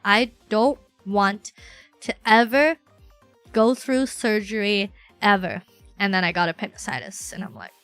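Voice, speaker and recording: A woman's voice: mid-range voice, no echo. A young woman streamer in casual chat, telling rambling stories with lots of fillers. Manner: chatty, rambling, animated storytelling with many fillers.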